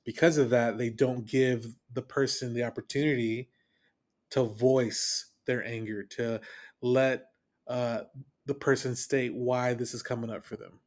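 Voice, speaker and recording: A counselor co-hosting a podcast, speaking in a measured, supportive way. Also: mid-range voice, steady tone. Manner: supportive, measured, agreeable listener. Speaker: counselor and co-host. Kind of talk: casual conversational podcast.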